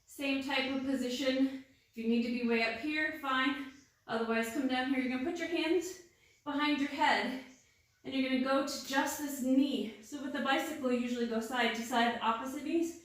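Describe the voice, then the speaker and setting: High-voiced woman leading a workout, echoey room. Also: steady tone, moderate pace. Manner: encouraging, counts reps aloud, breathy exclamations. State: out of breath. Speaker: fitness instructor. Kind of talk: guided workout instruction. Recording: very echoey room, distant mic.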